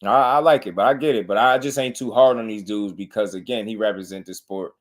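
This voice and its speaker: Man, lowish voice, relaxed boxing talk, casual commentary, repeats himself. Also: a little fast. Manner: laid-back, repeats "you know what I mean". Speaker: boxing show host.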